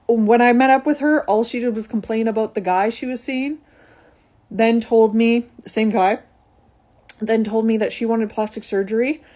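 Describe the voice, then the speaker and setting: A young adult woman telling a personal story in a casual, chatty way, with lots of "like" as she talks. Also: a little high. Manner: chatty, animated retelling with frequent "like".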